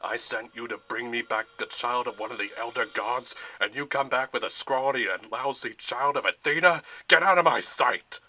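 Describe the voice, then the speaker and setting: A man's voice: fairly low pitch, a little slow, sharp tone, dry recording. A man growling as a menacing villain general. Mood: enraged. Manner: growling, roars orders. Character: menacing tall male general, commanding and short-tempered. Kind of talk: storybook character voice in a Lego fan film.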